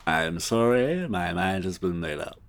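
A stiff, formal tour company boss with a put-on English accent scolds his worker. A man acts him out in a very low voice, clipped and proper. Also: lively intonation, a little slow. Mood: stern. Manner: prim, formal reprimanding.

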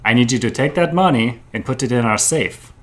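A man's voice: medium pitch, lively intonation, a little fast, close to an everyday voice. A man voicing a bossy, stingy male boss in comedy improv.

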